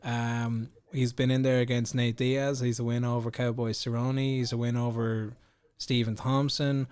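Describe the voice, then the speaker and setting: A man hosts a sports podcast in a relaxed, talkative way. His voice sits at an everyday middle pitch, and his long questions are filled with ums and uhs. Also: moderate pace, smooth. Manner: chatty, rambling, many fillers. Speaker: podcast host. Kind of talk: casual interview chat.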